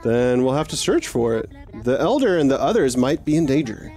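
A man's voice: medium pitch, big pitch swings, brisk, dark tone, lightly acted. A man voicing a small cute alien creature in a raised, jittery voice while reading game dialogue.

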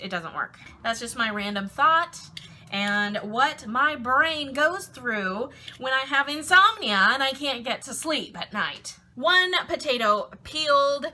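A woman's voice: high voice, expressive, unhurried, pushed and bright. A woman chatting playfully while cooking in her home kitchen, talking to her food as she goes. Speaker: cooking vlogger. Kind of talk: casual chat while cooking.

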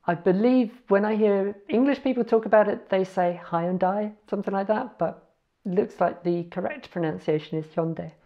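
Casually sharing words from another language, a woman spells them slowly letter by letter and corrects herself as she goes. She speaks at a medium pitch, with the audio's high end cut off.

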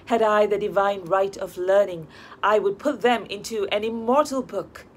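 A woman voicing an excitable, sentimental middle-aged wife who sighs and exclaims in an audiobook. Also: medium pitch, normal speed, slight background noise, lightly acted. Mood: wistful exclaiming. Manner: exclamatory, sighing.

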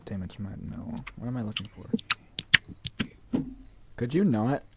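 A man casually commenting on his game, joking and teasing with crude deadpan humor. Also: fairly low pitch, takes it slowly, noisy background. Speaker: gamer playing on stream.

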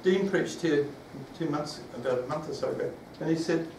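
A man's voice: a little high, moderate pace, a little mellow, a little hiss or hum. A man preaching a sermon, rambling with restarts and asking the congregation questions. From New Zealand. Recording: echoey room, from far off.

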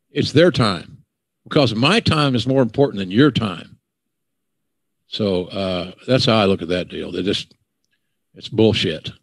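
A man's voice: mid-range voice, no echo. An older man with a Southern accent, hosting a podcast and ranting bluntly with profanity. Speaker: podcast host. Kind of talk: casual podcast chat.

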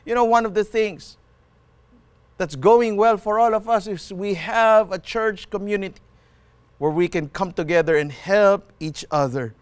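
A middle-aged man with a Filipino accent, preaching a sermon with fervent exhortations and quick switches between languages. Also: sits high, smooth, no echo. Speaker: pastor. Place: empty mall venue.

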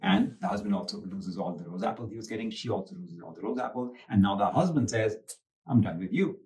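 A man hosting a talk, explaining life lessons in a lively, teacherly way with rhetorical questions. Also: lowish voice, fast. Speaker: host. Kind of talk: casual talk with storytelling. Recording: distant mic.

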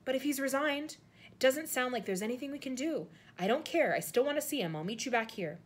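Woman playing a resolute teen boy, urgent, lively pitch, storybook. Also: brisk, husky. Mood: determined. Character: earnest teenage boy, determined.

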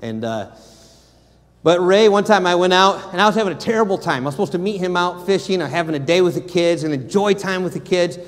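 A man's voice: high voice, fairly quick. A man with an American accent preaching a sermon as a missionary, telling stories animatedly and acting out the quotes himself. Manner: animated storytelling, acts out quotes. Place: church sanctuary. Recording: long church reverb.

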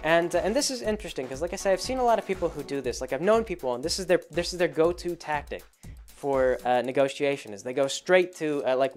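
A man's voice: fairly high pitch, animated, quick pace, soft background music. A man hosting a casual monologue, rambling through an explanation with many fillers and restarts. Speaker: host.

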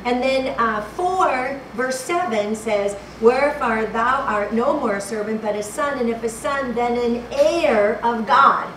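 A woman's voice: on the high side, unhurried, hardly any pauses, a bit bright. A woman preacher giving a fervent sermon, repeating phrases and fumbling for the right verse. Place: church hall. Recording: echoey hall, distant mic, background noise.

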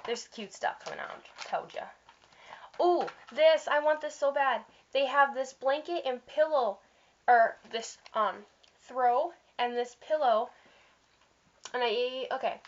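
Woman, chatty, gushing, casual product walkthrough, fairly high voice, muffled lo-fi sound. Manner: chatty, gushing, with fillers and slips. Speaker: vlogger showing catalog items. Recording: dull lo-fi sound.

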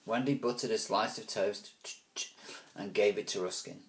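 A man reading a children's book aloud, with relaxed, chatty asides. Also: fairly low pitch, normal speed. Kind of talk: casual read-aloud storytelling.

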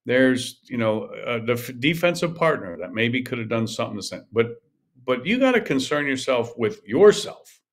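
A man's voice: medium pitch, very animated, moderate pace. An older man hosting a podcast, coaching in an emphatic, repetitive monologue that often restarts mid-sentence. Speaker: podcast host, golf coach.

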